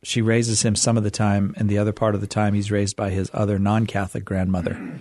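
Middle-aged guy hosting a call-in radio show, kinda low voice, lots of ums and uhs, jumps up in pitch when he gets into it. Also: a little fast. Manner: hesitant, many fillers, rises in pitch when animated. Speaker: radio host. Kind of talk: casual radio chat.

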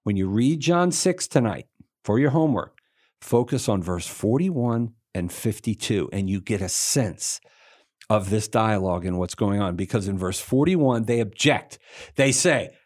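A man teaching a Bible passage in a relaxed, conversational way, with playful slangy asides and lively acted-out quotes. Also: fairly low pitch, a little slow. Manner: animated, acts out the crowd and Jesus in quoted voices.

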